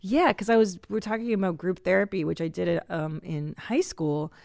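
Gravelly-voiced woman podcast host. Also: on the low side, normal speed, darkish tone, no room sound, clean studio sound. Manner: chatty, self-mocking, laughs often. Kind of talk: casual comedic monologue.

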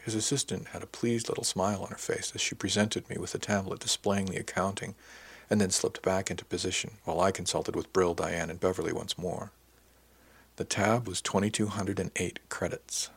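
A man reading a first-person audiobook in a measured, descriptive way. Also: sits low, fairly even intonation, husky. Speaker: audiobook narrator.

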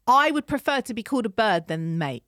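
A woman's voice: on the high side, lively intonation, fairly quick, a bit bright, no echo, studio quality. A woman co-hosting a podcast, chatting frankly and laughing often. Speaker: podcast co-host. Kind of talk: casual chat.

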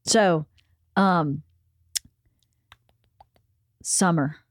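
A woman's voice: on the low side, extremely slow, dry recording, studio quality. A woman in her fifties hosting a podcast, chatting casually and motherly with her daughters. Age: 50s. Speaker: podcast host. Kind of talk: casual family chat.

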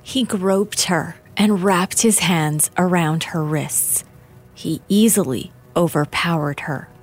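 Slow low-voiced lady narrating a crime doc, grave and measured, faint music under it. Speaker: documentary narrator. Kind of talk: scripted true-crime narration.

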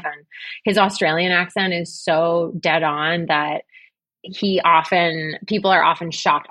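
A woman's voice: low voice, fairly bright tone, no room sound. A woman chatting as a podcast guest, enthusiastic and articulate, gushing about work she admires. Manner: enthusiastic, effusive. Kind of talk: casual interview chat.

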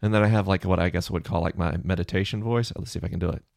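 A man hosting a science Q&A podcast alone in his office, explaining in a relaxed, conversational way into a close microphone. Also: low-pitched, very fast, gravelly, hardly any pauses, dry recording. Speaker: podcast host answering listener questions. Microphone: close studio microphone off to the side of the mouth.

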